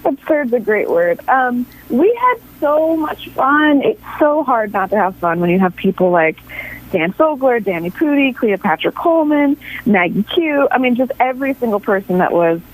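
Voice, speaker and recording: A woman's voice: fairly high pitch, animated, normal speed, low-quality recording. A woman in her thirties from New York City, an actress chatting as a radio interview guest, laughing often and restarting her sentences. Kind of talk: casual interview chat.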